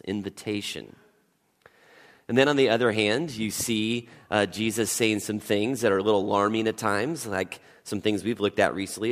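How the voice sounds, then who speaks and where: Male pastor, husky from a cold, low voice, conversational sermon, long hall reverb in a church. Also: moderate pace, fairly bright tone. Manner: conversational, self-deprecating, checks in with the congregation. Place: church sanctuary.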